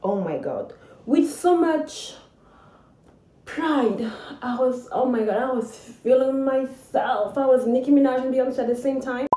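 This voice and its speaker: A young adult woman telling a personal story to camera in a chatty, dramatic way, with lively asides. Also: high-pitched, measured pace, echoey room, rough recording. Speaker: vlogger.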